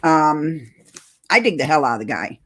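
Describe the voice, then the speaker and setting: A woman's voice: low-pitched, big pitch swings, moderate pace, slightly rough. A woman host talking casually to her viewers in a rambling, chatty way, often laughing. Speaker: channel host.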